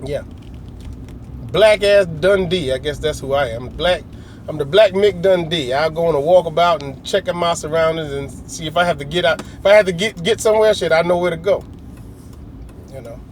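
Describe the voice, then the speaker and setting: A man's voice: a little high, moderate pace, slight background noise. A middle-aged man telling a long, rambling story in a casual, slangy way, often acting out other people's lines. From United States. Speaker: vlogger.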